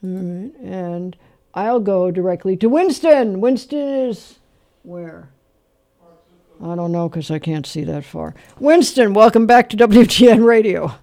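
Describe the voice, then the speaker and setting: A man's voice: high voice, expressive, measured pace, a little mellow, no echo. Older man, radio host, chatty storyteller, dry studio sound. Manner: chatty, laughing storyteller, quizzing callers. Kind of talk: call-in oldies quiz show. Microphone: studio microphone.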